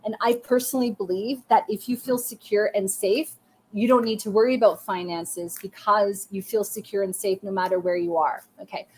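A woman's voice: medium pitch, steady tone, normal speed, husky. A woman hosting a live psychic reading stream, speaking encouragingly and directly to her viewers. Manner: warm encouraging talk, addresses viewers directly. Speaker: psychic reader and livestream host.

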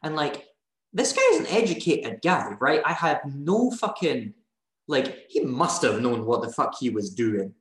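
A woman with a Scottish accent, a union organizer guest on a podcast, telling a story in a loose, swearing, animated way. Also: a bass voice, a little slow, echoey room, low-quality recording. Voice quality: animated, profane. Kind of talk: casual podcast chat, storytelling.

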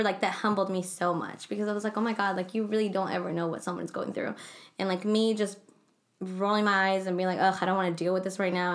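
A woman's voice: mid-range voice, vocal fry. Young woman rambling through a story. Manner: rambling, lots of fillers and self-corrections. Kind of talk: casual storytelling chat.

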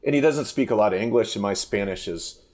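Low-voiced man telling a rambling story. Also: fast. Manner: rambling, animated anecdotes with frequent restarts. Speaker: fishing guide, guest. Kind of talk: casual storytelling in a podcast interview.

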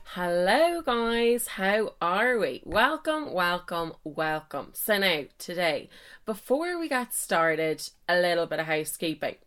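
A woman's voice: on the low side, sing-song, a little slow, fairly bright tone, soft background music. A young woman hosts her own podcast in a loose, chatty solo monologue. She pokes fun at herself and drops mild swears all through her talk. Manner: chatty, self-mocking, swears mildly. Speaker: podcast host. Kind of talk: casual solo podcast chat.

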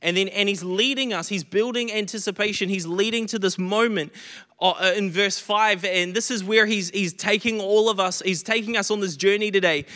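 A man's voice: high-pitched, fairly even intonation, moderate pace, sharp tone, big-room sound. A man preaching a sermon, earnest, often stumbling and restarting as he stresses repeated phrases, a little short of breath. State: recovering from illness, short of breath.

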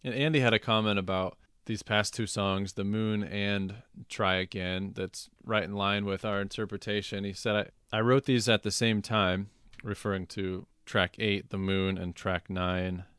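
Smooth-voiced man agreeing in podcast chat. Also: lowish voice, little pitch movement, moderate pace, hardly any pauses, fairly bright tone, no room sound, studio quality. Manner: agreeable, chimes in with short affirmations. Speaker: podcast co-host. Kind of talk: casual album discussion.

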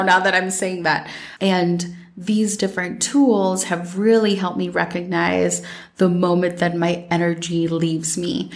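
A woman hosting a solo podcast, talking in a gentle, meandering way with many fillers. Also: lowish voice, flat delivery, unhurried. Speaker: podcast host. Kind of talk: reflective solo podcast talk.

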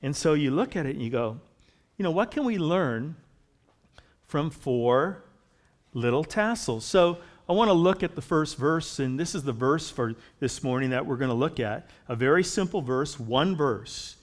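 Guy preaching a sermon, kinda high voice, chatty then gets loud and punchy on the verses. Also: expressive, moderate pace. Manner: conversational preaching, rising to emphatic when reading scripture. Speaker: pastor.

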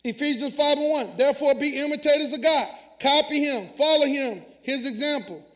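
A man's voice: extremely high pitch, moderate pace, sharp tone. A man preaching a sermon as pastor, talking with the congregation in call-and-response. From Southern US. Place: large church sanctuary. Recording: long hall reverb.

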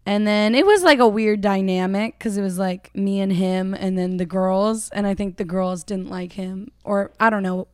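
A young woman guest on a podcast, chatting casually with quick, self-mocking remarks. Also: mid-range voice, fairly even intonation, a little mellow, smooth, dry recording. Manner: quick, self-deprecating, laughs easily. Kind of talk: casual chat.

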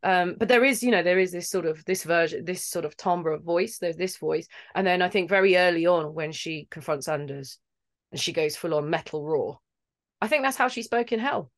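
A woman from London chats as a game-acting guest. Her voice sits a little low. She talks in an animated, rambling way and laughs between thoughts. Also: normal speed. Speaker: video game actor guest. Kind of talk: casual interview chat.

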